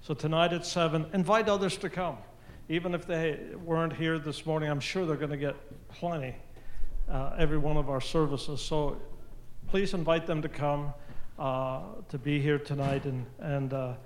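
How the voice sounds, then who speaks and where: A man's voice: fairly high pitch, steady tone, slight background noise. Man announcing church service times. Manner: plain, with frequent "uh" pauses. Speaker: church leader making announcements.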